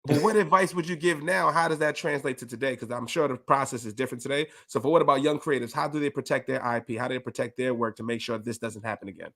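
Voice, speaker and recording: Podcast cohost guy, bright tense voice, hypes the guest up, slangy. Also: mid-range voice, fast, vocal fry, few pauses. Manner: hyped, laughing reactions and slangy questions. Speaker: podcast co-host. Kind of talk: casual interview chat.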